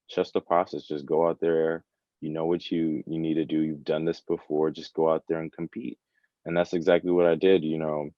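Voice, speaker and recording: A man's voice: rumbling low, no room sound, lo-fi sound. A young man in his early twenties, a college track athlete, talking casually and earnestly as a guest, often saying "you know" and "like.". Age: early 20s. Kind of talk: casual interview chat.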